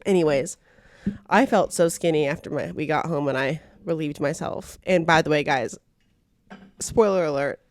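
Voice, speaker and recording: A young woman co-hosting a podcast, telling a story in animated, laughing casual chat, full of "like". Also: low-pitched, moderate pace, no echo. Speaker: podcast co-host.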